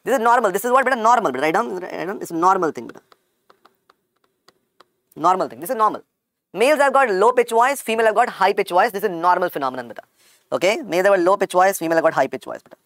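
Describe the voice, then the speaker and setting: A man with an Indian accent and a croaky voice, teaching an online medical lecture and repeating key points to his students. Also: high-pitched, expressive, fast talker, fairly bright tone, no room sound. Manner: repetitive, calls students "beta".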